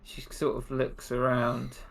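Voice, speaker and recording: A game master narrating a tabletop session in a mid-pitched voice. The speech is halting and full of fillers while the scene is set. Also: monotone, gravelly. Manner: hesitant, filler-heavy narration.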